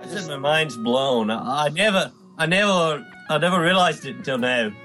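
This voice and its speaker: A man's voice: a little high, lively intonation, moderate pace, bright, forceful tone, faint music behind. A man in casual chat about a TV show, hesitant and often repeating words.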